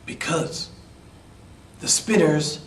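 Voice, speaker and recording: A man from New York City telling a fairy tale slowly for English learners, repeating and explaining words. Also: on the high side, slight background noise. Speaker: storyteller and English teacher. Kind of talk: story-listening narration for learners. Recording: roomy, distant mic.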